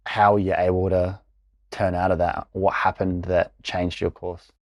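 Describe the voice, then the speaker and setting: Low-voiced male podcast host. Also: moderate pace, dry recording. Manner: relaxed, asks questions, laughs along. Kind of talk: casual interview.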